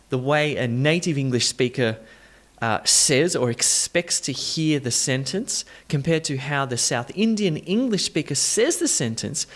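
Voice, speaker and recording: A man teaching English pronunciation in an online lesson, talking emphatically and with enthusiasm, stressing words to demonstrate them. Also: on the high side.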